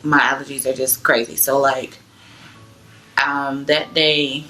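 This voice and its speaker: A woman's voice: rumbling low, flat delivery, slow, sharp tone, soft background music. A young woman from Georgia, telling her personal testimony in a chatty, loose way full of fillers. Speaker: vlogger sharing her testimony. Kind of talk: casual personal storytelling.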